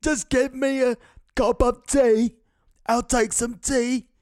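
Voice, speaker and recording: A man's voice: level tone, slow, a little mellow, dry recording, studio quality. A man putting on a feeble old British man. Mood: doddering. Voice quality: high, quavering.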